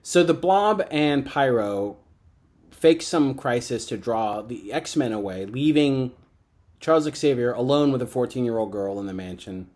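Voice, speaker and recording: A man's voice: mid-range voice, lively intonation, a little slow, a little mellow. A man co-hosting a casual pop-culture podcast, recapping scenes and acting out lines in mock voices. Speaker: podcast co-host.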